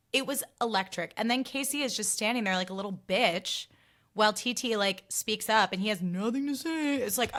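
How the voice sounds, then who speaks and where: Young woman, podcast host, bright voice, chatty and gushing, peppered with "like" and swearing. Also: medium pitch. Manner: gushing, chatty, heavy use of "like", swears freely. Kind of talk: casual solo podcast recap.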